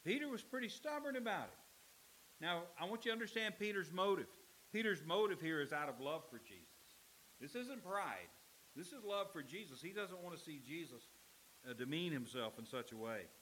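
Guy preaching in church, swoops all over, bright ringing voice, faint hiss. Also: a little high, big pitch swings, rough recording. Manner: emphatic preaching, dramatic pauses, acts out quoted lines. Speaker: pastor. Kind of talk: sermon.

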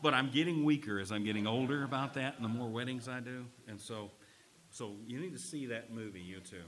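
A man preaches with a bright, ringing tone, full of energy. He teases his congregation with quick humorous asides. His volume rises hard on emphasis and falls to near-murmurs between points. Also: mid-range voice, slight background noise, low-quality recording. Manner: swings between loud emphasis and quiet asides. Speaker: pastor. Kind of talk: sermon.

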